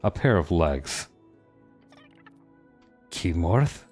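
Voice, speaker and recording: A man's voice: deep voice, expressive, moderate pace, darkish tone, soft background music. A man thinking aloud and reading game text during a let's play, musing with many restarts. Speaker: game streamer.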